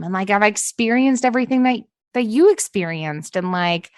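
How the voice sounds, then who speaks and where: A woman's voice: medium pitch, lively intonation, normal speed, no echo. A woman hosting a podcast interview, talking earnestly and casually, full of "like" fillers and the odd swear word. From Appalachia. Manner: earnest, heavy use of "like", swears. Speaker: podcast host.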